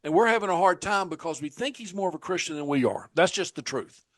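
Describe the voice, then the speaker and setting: A man's voice: high-pitched, quick pace, dry recording. A man hosting a casual conversation, telling stories with animation and speaking straight to his listeners. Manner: animated storyteller, direct address to listeners.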